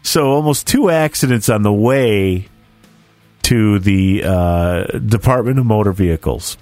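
A man's voice: fairly low pitch, measured pace, dry recording, faint music behind. A man in his forties telling a family story in casual chat, acting out the voices of the people in it. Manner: animated storyteller who acts out the voices in his stories.

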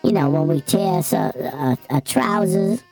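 A woman's voice: very deep voice, animated, unhurried, creaky, darkish tone, faint music behind, full character voice. A woman playing a small, laid-back male elf from the North Pole in an improvised comedy bit, talking in loose, broken slang. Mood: easygoing. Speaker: guest in character. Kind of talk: improvised comedy role-play.

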